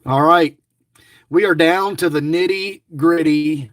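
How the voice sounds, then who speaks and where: A man's voice: a little high, slow, dry recording, studio quality. A middle-aged man giving chatty, rambling running commentary to his viewers, grumbling and joking as he goes. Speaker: lottery scratch-off vlogger.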